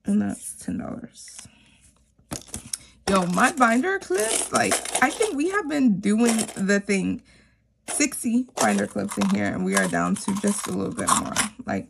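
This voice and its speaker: A woman's voice: medium pitch, creaky, background noise. A woman chatting casually to camera about her savings challenges, rambling with lots of fillers. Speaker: savings vlogger; teacher.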